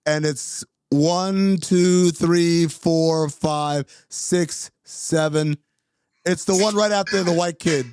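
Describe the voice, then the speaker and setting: A man co-hosting a podcast in casual chat, excitable and prone to repeating himself. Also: fairly high pitch, slow pace, smooth, no echo. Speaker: podcast co-host.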